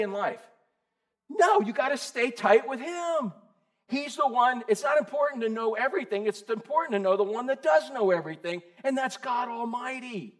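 A man preaching a sermon as pastor, lively and conversational, asking his congregation questions. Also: extremely high pitch. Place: church.

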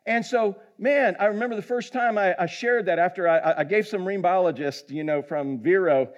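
Pastor, male, higher voice, folksy and joking delivery, dull lo-fi sound. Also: fairly quick. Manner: folksy, humorous storytelling. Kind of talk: sermon. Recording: dull lo-fi recording.

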